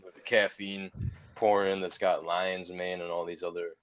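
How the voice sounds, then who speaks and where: A man's voice: low voice, level tone, a little slow, dull audio. A laid-back man on a livestream panel, explaining things at length in casual chat. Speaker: panel guest.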